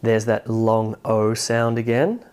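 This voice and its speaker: Woman, pronunciation teacher, deep voice, clear explanatory delivery. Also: steady tone, darkish tone. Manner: explanatory, slowly contrasts word stresses. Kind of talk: online lesson.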